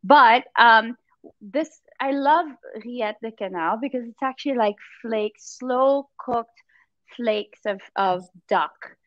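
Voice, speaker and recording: A woman's voice: a little high, slow, no echo, dull audio. A woman chatting casually and enthusiastically about food and a holiday gift hamper. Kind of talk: casual video-call chat.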